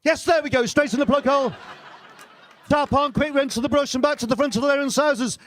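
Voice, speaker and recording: A man putting on an excitable sports commentator's voice, with a rising, breathless play-by-play delivery in a stand-up set. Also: extremely high pitch, quick pace, voice pushed up. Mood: excited. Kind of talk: stand-up impression.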